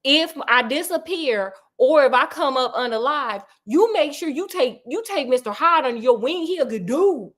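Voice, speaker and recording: Woman playing a stubborn gentleman doctor, breezy and slangy, high raised voice, storybook retelling. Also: animated, moderate pace, few pauses.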